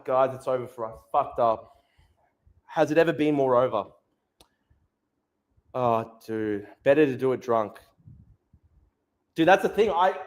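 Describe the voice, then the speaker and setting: Man ranting and laughing on stream. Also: fairly high pitch. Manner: swearing, self-mocking, laughing often. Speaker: streamer host. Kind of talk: livestream rant.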